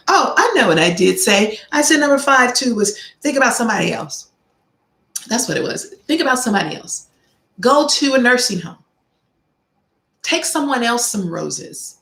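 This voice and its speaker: Gravelly preachy woman in a roomy echo. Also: fairly high pitch, sing-song, normal speed, a bit bright. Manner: preachy, storytelling, repeats key phrases for emphasis. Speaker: vlog host giving life advice. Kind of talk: casual motivational talk to viewers.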